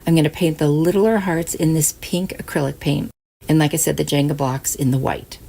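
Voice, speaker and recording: Low, gravelly woman narrating crafts. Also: fairly even intonation, a little fast, dark tone. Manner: chatty, step-by-step, upbeat. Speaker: craft channel host. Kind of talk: casual craft tutorial narration.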